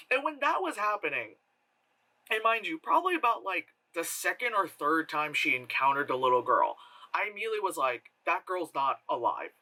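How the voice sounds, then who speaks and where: A man giving a casual spoken movie review, rambling and animated, with many fillers and laughs. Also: high-pitched, poor audio.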